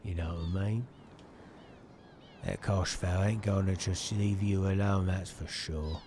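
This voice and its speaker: A man's voice: low-pitched, fairly even intonation, measured pace, darkish tone, slight background noise, pitched below the performer's own voice. A man reading Kid, a cocky young thief. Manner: reads game dialogue aloud in a plain voice, no accent. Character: brash young female thief, cocky and pushy. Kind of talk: reading game dialogue aloud.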